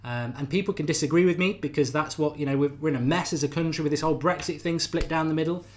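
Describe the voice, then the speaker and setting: A man's voice: on the high side, fast, a little hiss or hum. A middle-aged man hosting a live podcast debate, talking animatedly and repeating phrases for emphasis while reading out viewer comments. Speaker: podcast host.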